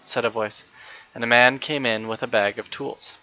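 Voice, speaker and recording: A man narrating a children's story aloud in a steady, plain storytelling manner. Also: mid-range voice, normal speed. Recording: dull, lo-fi dry recording.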